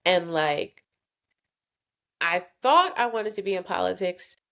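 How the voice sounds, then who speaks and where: A woman from New Jersey, a company founder speaking as a podcast guest, telling her story in a relaxed, chatty way, peppered with "like" and "you know.". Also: lowish voice, takes it slowly, gravelly. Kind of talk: casual interview chat.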